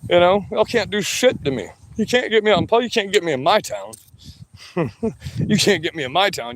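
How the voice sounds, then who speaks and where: A man's voice: high-pitched, a little hiss or hum. Combative man ranting on a livestream. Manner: combative, taunting, profane. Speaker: livestream host. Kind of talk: ranting livestream talk to viewers.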